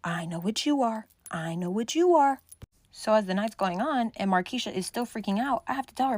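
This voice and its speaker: A young woman telling a wild party story in casual storytime style, animated, swearing freely and acting out what people said. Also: on the high side, fairly quick, no room sound.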